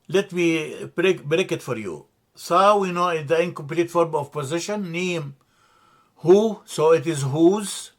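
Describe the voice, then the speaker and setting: A man teaching a language lesson from slides, slow and deliberate, repeating terms and correcting himself as he explains. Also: a little high. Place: church classroom.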